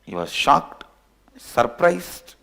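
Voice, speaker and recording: A man's voice: medium pitch, very animated, drawn-out words, creaky, bright, forceful tone. A man giving a spiritual discourse, telling a parable with repetition and chuckles at his own jokes. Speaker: spiritual teacher.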